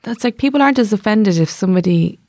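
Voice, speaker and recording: A woman's voice: mid-range voice, expressive, quick pace, a little mellow, dry recording, clean studio sound. A woman, an actor, chatting as a guest, teasing and playful, hopping from topic to topic. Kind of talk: casual chat.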